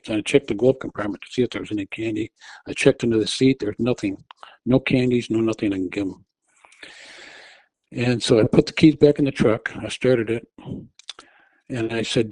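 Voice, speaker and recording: A man telling a personal story in a casual, halting way, and he gets loud and urgent when he acts out what he shouted. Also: mid-range voice, no room sound, low-quality recording. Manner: relives the moment, shouting quoted directions loudly and urgently; halting, with restarts and fillers.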